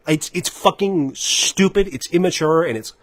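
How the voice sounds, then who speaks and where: A man's voice: on the high side, moderate pace, no room sound. A man co-hosting a gaming livestream, ranting in a heated, profane way. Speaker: gaming podcast co-host. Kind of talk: casual livestream chat.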